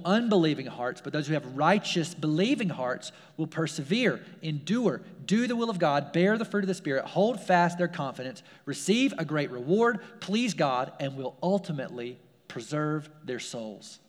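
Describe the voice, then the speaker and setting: A man's voice: a little high, lively intonation, normal speed, hardly any pauses, long reverb tail. A man, a pastor, preaching a sermon in a casual, conversational way, full of fillers and repeated phrases. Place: church sanctuary.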